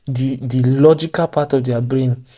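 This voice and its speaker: A man talks straight to his viewers in a relaxed advice vlog. His voice is mellow and warm, mid-pitched, and he keeps breaking into joking asides and laughing at himself. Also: a little slow. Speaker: vlogger.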